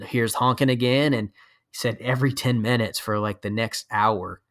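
Man, podcast guest, casual storytelling, rambling, lots of fillers, mid-pitched voice. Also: fairly even intonation, normal speed, fairly bright tone. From Florida.

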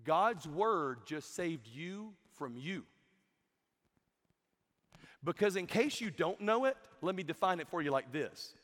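A young adult man giving a comedic youth sermon, telling stories in an animated way and mimicking the people in them. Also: fairly high pitch, slow, pauses often. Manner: animated storytelling with mimicked voices. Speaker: youth camp speaker. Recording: long hall reverb.

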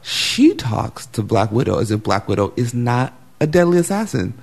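A man chatting casually about a superhero film, getting excited and acting out scenes with sudden high bursts. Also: moderate pace, vocal fry.

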